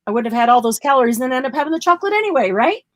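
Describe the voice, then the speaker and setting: A woman's voice: high voice, big pitch swings, rapid-fire, fairly bright tone, rough recording. A woman co-hosting a casual chat, agreeing and encouraging with short replies.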